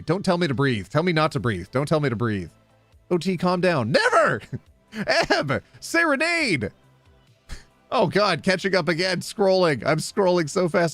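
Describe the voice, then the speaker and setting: A man's voice: high voice, no room sound. A man hosting a charity livestream, rattling off donor names, stumbling over spellings and tossing in chatty asides. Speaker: livestream host reading out donors. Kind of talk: charity livestream, rapid name roll call.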